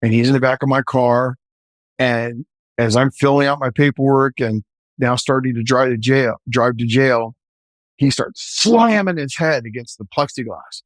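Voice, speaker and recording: A man, a former police officer, telling a story in an earnest, animated way. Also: medium pitch, moderate pace, dry recording. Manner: earnest, animated, shouts in quoted lines. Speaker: former navy chief and police officer, guest. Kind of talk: casual storytelling.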